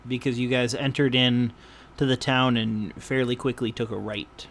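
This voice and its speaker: A man's voice: medium pitch, little pitch movement, normal speed, fairly bright tone, slight background noise. A man narrating as game master in a tabletop session, hesitant and full of fillers.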